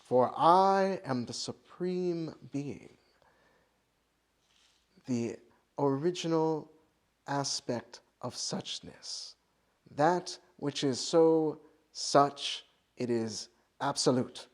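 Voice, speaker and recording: A man voicing a grandiose male supreme deity with booming, theatrical proclamations. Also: drawn-out words, long pauses. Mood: proclaiming.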